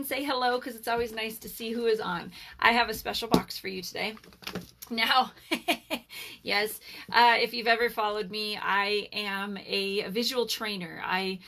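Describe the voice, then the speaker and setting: A woman's voice: a little high, creaky, sharp tone. A woman in her forties, hosting a casual live Q&A as a network marketer, chatty and rambling with lots of fillers. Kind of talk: casual live-stream chat.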